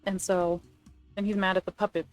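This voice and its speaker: A young woman chatting casually as a video creator, rambling and excitable, correcting herself as she pitches ideas. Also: brisk, faint music behind. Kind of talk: casual chat, movie rewrite ideas.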